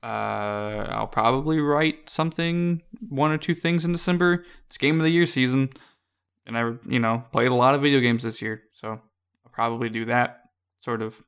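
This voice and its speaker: A man's voice: mid-range voice, smooth. A young man co-hosting a casual podcast, rambling through his thoughts with lots of fillers and frequent laughs. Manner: rambling, relaxed, laughs often, many fillers. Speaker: podcast co-host.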